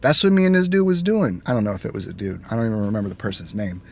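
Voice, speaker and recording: Animated man vlogging from a car. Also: fairly low pitch, rapid-fire, creaky. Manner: animated storytelling, acts out both sides of exchanges. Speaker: gaming vlogger. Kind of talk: casual chat. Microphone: phone camera. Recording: faint road noise inside a moving car. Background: faint car and road noise.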